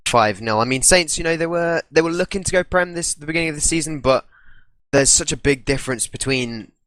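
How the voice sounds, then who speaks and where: Stammering English co-caster, dry sound. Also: male voice, on the high side, brisk, a bit bright, dry recording. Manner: hesitant, stammering restarts. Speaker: esports co-caster. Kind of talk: live esports commentary.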